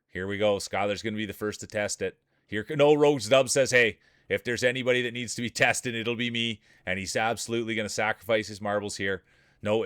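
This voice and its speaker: Lower-voiced man calling a game with hype. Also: smooth, no room sound, clean studio sound. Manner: excitable, joking, hypes up players. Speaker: streamer and game commentator. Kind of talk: playful sports-style play-by-play commentary.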